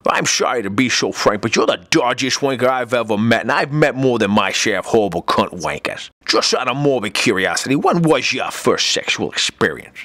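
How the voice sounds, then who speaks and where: A man's voice: medium pitch, lively intonation, fairly quick, few pauses, a bit bright, no room sound, lightly acted. A man voicing an exasperated, foul-mouthed male cartoon therapist with a sarcastic delivery. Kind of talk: cartoon comedy voice acting.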